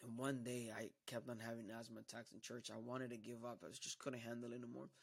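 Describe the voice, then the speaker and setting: A man's voice: mid-range voice, flat delivery, quick pace, creaky, slightly rough. A man giving a personal testimony to a church, telling his story with emphasis and acting out the dialogue.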